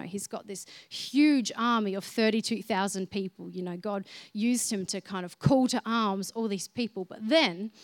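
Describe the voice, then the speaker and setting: A woman's voice: medium pitch, no room sound. A woman preaching a conversational sermon, chatty and informal, speaking directly to her listeners.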